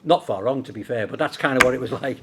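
A man's voice: medium pitch, quick pace, noisy background. A middle-aged man from Liverpool with a Scouse accent, preaching a sermon in a conversational way with rhetorical questions. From Liverpool, England.

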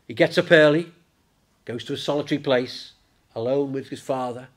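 A man preaching a sermon in church, lively and conversational, raising his voice when he acts out the disciples. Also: mid-range voice, moderate pace. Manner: animated, acts out the disciples in a raised voice.

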